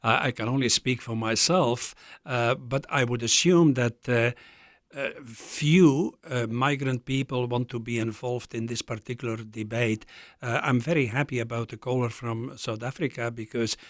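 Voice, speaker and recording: An older man with a Flemish accent, a law professor giving measured, lecturing answers as a radio guest. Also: medium pitch, steady tone, no room sound, studio quality. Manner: measured, lecturing, with many uh fillers. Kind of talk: radio talk interview.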